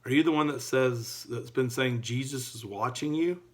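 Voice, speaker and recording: A man's voice: medium pitch, normal speed, lightly acted. A man voicing a nervous male burglar in a told joke, asking incredulous questions.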